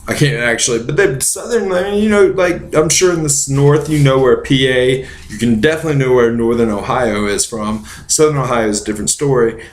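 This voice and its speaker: A man's voice: mid-range voice, fairly quick, few pauses. A drunk man hosting a casual movie chat, rambling and profane, going off on tangents. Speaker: podcast host. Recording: roomy echo.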